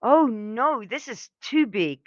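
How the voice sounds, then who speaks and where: A woman's voice: a little high, animated, slow pace, dry recording, dull audio, voice pushed up. A woman voicing a curious, fussy little girl in a storybook, with a light lilting delivery.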